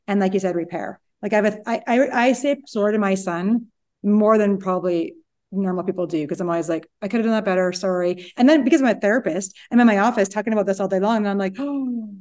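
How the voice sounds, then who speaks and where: A woman's voice: mid-range voice, darkish tone. A woman therapist co-hosting a podcast, giving direct advice in casual chat.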